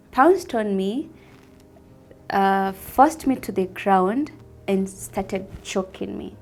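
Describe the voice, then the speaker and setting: A young woman with a Kenyan accent telling a personal testimony in a soft-spoken way, mixing English with Swahili. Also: mid-range voice. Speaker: vlogger sharing a personal testimony.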